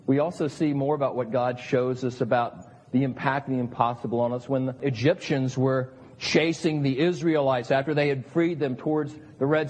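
A man's voice: medium pitch, a little mellow, slight background noise. A middle-aged man, a pastor, preaching an earnest sermon and acting out the voices of the people he quotes. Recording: long hall reverb.

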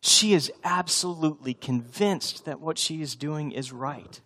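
A man's voice: fairly high pitch, a little slow, fairly bright tone. A male pastor in his thirties preaching a sermon, conversational and often building to emphatic repetition.

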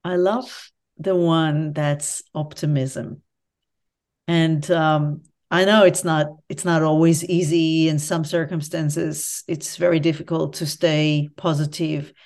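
A woman's voice: deep voice, steady tone, slow pace, darkish tone. A woman guest, a professor and author, talking earnestly and reflectively in an interview. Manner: earnest, reflective, speaks candidly about personal pain. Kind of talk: conversational interview storytelling.

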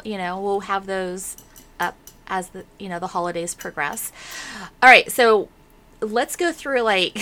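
A woman's voice: mid-range voice, pushed and bright. A woman hosting a casual chat, giggly and chatty, steering the conversation along. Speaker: podcast host.

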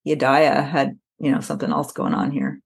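A woman's voice: rumbling low, moderate pace, gravelly, husky. A woman co-hosting a casual podcast, reading an old text aloud and fighting off giggles. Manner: reads aloud while breaking into giggles. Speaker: podcast co-host.

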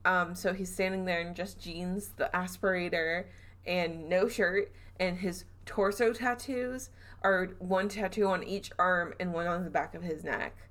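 A woman with a Southern US accent hosting a podcast, telling a spooky story in a chatty, animated way and acting out quotes. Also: fairly low pitch, a little slow. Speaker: podcast host. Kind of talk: casual storytelling chat.

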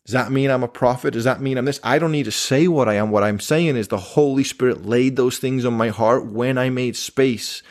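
Animated man hosting a podcast. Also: medium pitch, a little fast, hardly any pauses. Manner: animated, quoting others in conversation. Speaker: podcast host. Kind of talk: casual conversation.

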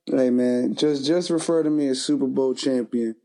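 Podcast co-host, man with a mid-range voice, relaxed slangy delivery. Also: mid-range voice, normal speed. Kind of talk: casual chat.

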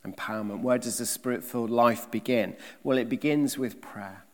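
A man preaching a sermon, emphatic, with rhetorical questions and swings between loud and soft delivery. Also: medium pitch, normal speed, big-room sound.

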